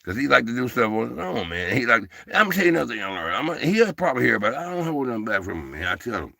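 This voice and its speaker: A man's voice: medium pitch, sing-song, racing, vocal fry, pushed and bright, no room sound, studio quality. A man hosting a casual livestream, rambling in a folksy way and calling listeners "baby" and "man". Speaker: livestream host.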